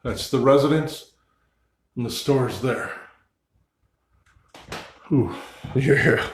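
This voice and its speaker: Brief: male paranormal vlogger on his own in a dark old store, mid-pitch voice, loud calls then hushed asides. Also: extremely slow, pauses often, a little hiss or hum. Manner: talks to spirits and camera, shifts between loud calls and hushed asides. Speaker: paranormal investigator. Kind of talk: solo ghost-hunting vlog narration. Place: old store building at night, indoors.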